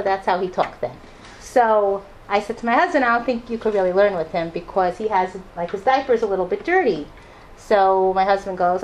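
A woman's voice: mid-range voice, moderate pace, a little hiss or hum. A middle-aged woman telling a personal story to an audience, acting out the voices of the people she quotes. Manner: animated, acts out quoted voices. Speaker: speaker addressing an audience.

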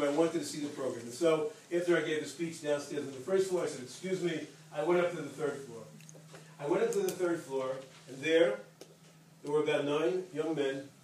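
A man speaking to an audience, telling a story with lively repetition and emphasis. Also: a little high. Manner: animated storyteller who repeats phrases for emphasis. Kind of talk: storytelling talk. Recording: echoey hall, distant mic, faint hiss.

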